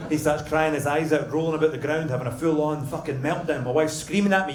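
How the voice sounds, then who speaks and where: A Scottish man performing a crude stand-up comedy set, telling stories deadpan and hitting punchlines loudly. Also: on the high side, fairly quick, noisy background. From Scotland. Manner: crude, deadpan storytelling with sudden loud punchlines. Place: comedy club stage. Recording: roomy club sound with audience laughter. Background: audience laughter.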